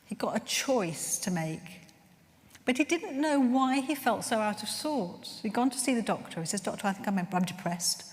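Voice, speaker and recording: A woman's voice: fairly high pitch, animated, moderate pace. Earnest woman speaking in a reverberant hall. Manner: earnest, heartfelt, gently searching. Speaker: workshop leader at a chaplains' conference. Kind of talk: conference talk with storytelling. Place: conference room. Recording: long reverb in a large room.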